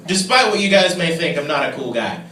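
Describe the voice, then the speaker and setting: Lively high-voiced young comedian on stage. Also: male voice, brisk. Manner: self-mocking, jumps into loud mock outbursts then drops low. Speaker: stand-up comedian. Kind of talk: stand-up comedy set. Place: comedy club stage with audience. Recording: echoey, distant, room noise.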